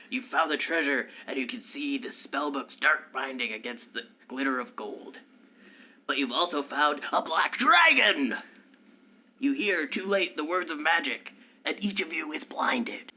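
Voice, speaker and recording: A man's voice: medium pitch, bright, forceful tone. A man narrating a tabletop game skit as game master, telling the story in a dramatic way.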